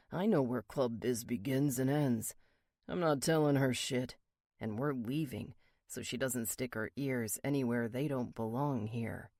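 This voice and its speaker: A man voicing a gruff, crude biker. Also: a little mellow, no room sound, studio quality, lightly acted. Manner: crude, swearing, low growl. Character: rough male biker, blunt and defiant. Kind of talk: audiobook character reading.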